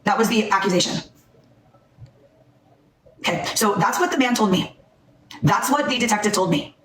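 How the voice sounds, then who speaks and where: A woman's voice: mid-range voice, expressive, moderate pace, fairly bright tone, reverberant, recorded from a distance, a little hiss or hum. A woman hosting a heated livestream, angry and upset, blunt and repeating herself for emphasis. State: upset and shaking. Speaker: livestream host.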